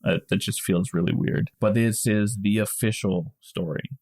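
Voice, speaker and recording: A man's voice: fairly low pitch, moderate pace, darkish tone. A man co-hosting a podcast, explaining things at length in casual chat with small restarts. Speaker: podcast co-host.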